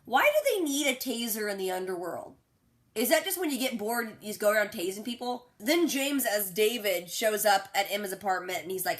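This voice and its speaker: Excitable young woman vlogger, slightly high, a little under the weather, slangy recap with quick character voices. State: sick. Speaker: TV reaction vlogger. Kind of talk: casual recap and reaction.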